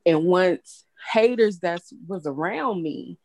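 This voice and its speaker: A woman's voice: on the low side, lively intonation, takes it slowly, a little mellow, no room sound. A young woman hosting a casual chat, talking bluntly and candidly and swearing freely. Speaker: host.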